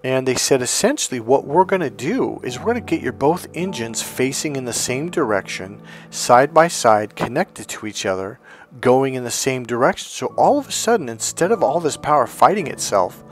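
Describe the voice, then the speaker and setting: A man giving a motivational self-help talk in a casual, animated way, telling personal stories and acting out what people said. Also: medium pitch, normal speed, faint music behind. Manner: animated and conversational, acts out quotes.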